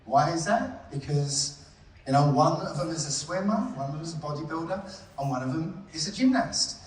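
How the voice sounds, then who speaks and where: A man's voice: on the high side, expressive, normal speed, distant mic, a little hiss or hum. Man presenting in an echoey hall. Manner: chatty, checks in with "yeah?" and "right?". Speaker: conference presenter. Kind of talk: live presentation to an audience. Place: conference hall.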